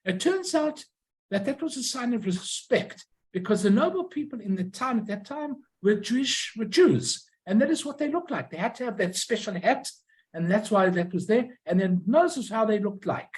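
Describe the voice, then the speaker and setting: A middle-aged woman giving an informal illustrated lecture on postcards, who often pauses to search for her words and tells anecdotes along the way. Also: medium pitch, animated, a little mellow, rough recording.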